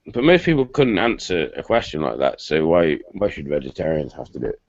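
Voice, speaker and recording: A man's voice: rumbling low, sing-song, a little fast, no room sound. A British man hosting a casual online hangout chat, talking in a stop-start, rambling way with many restarts. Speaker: host. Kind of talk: casual video-call chat. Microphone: computer mic on a video call. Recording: muffled lo-fi call audio.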